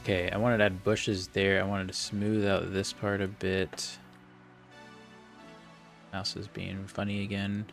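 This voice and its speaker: Gravelly low-voiced man talking through gameplay. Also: a little slow, pauses often, faint music behind. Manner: relaxed thinking aloud, talks himself through each step. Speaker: game modder and video creator. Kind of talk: casual commentary while playing and editing a game.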